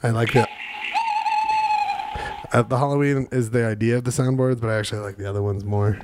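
Man, mid-pitched podcast co-host, deadpan casual banter. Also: fairly quick, noisy background.

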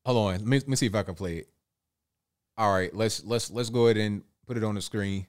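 Reading viewer super chats on his live stream, this host keeps things casual and chatty, chuckling and repeating words often. He has a lowish, clean-toned voice and talks fairly quickly.

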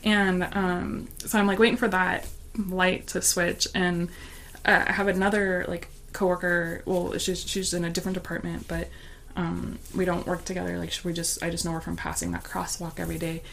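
A woman's voice: on the low side, little pitch movement, normal speed, creaky, a bit bright, a little hiss or hum. A woman telling a story in casual chat, talking loosely with lots of fillers and laughing as she goes.

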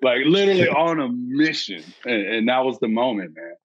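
A man, a birding educator and podcast guest, telling an excitable story and acting out his own past thoughts. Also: mid-range voice, moderate pace, no echo, highs cut off. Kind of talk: animated storytelling.

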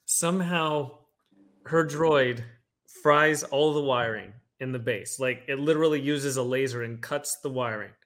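A man in casual podcast chat, telling stories in an animated, playful way. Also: medium pitch, measured pace.

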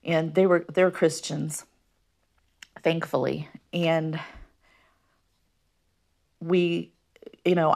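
Brief: low-pitched woman from the Midwest, podcast host recounting personal history, halting with frequent ums. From American Midwest. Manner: hesitant, many ums, soft-spoken. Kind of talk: personal storytelling.

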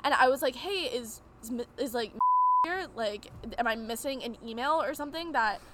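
A woman's voice: a little high, animated, moderate pace, heavy background noise. A woman guest on a podcast, telling a story in casual chat and acting out the lines of the people in it.

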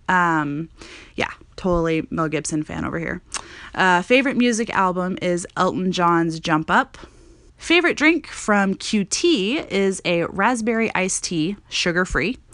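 A woman's voice: fairly low pitch, a bit bright, no echo. A woman in her thirties from Montana, hosting a casual personal podcast monologue in a chatty way, with frequent "um" fillers. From Montana, USA. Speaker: podcast host.

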